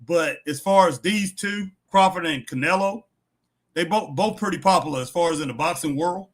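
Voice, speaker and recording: A man's voice: a little high, moderate pace. A man co-hosting a wrestling live stream in casual chat, laughing and joking, breaking into bits of old songs. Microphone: home stream mic.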